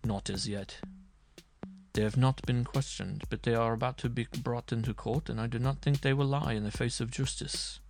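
A man voicing a stern medieval judge who speaks with ominous calm. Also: medium pitch, creaky, faint music behind, close to an everyday voice. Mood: cold. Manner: calm, measured, cutting.

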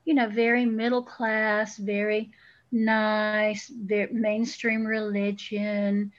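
A woman's voice: mid-range voice, level tone, slow, highs cut off. Feisty Southern woman podcaster. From Southern United States. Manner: feisty, blunt storyteller. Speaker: podcast co-host. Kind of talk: casual chat.

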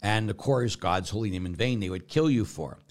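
Blunt priest with forceful manner. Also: male voice, on the low side, moderate pace. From Pittsburgh, United States. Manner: blunt, forceful, storytelling with rambling restarts. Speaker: Catholic priest answering listener questions. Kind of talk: casual Q&A talk.

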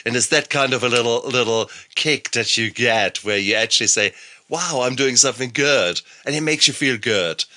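A man's voice: medium pitch, moderate pace, hardly any pauses, bright, forceful tone. A man hosting a podcast interview, telling personal stories in a chatty way and swearing now and then. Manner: conversational storyteller, swears casually.

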